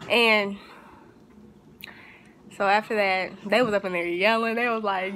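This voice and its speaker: A woman's voice: mid-range voice, steady tone, a little slow, long pauses, a bit bright. A young woman telling a personal story in a casual, rambling way, full of fillers and restarts, with a faint hiss behind her. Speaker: vlogger.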